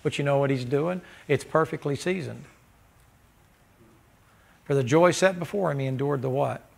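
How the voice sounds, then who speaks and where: A preacher with a gravelly, slightly high voice delivers a folksy sermon. He jokes with the congregation and breaks into loud bursts of laughter. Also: normal speed.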